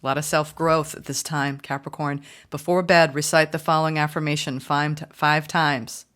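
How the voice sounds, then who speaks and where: A woman reading tarot for her viewers, chatty and upbeat, often gushing with excitement. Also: deep voice, normal speed. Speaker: tarot reader.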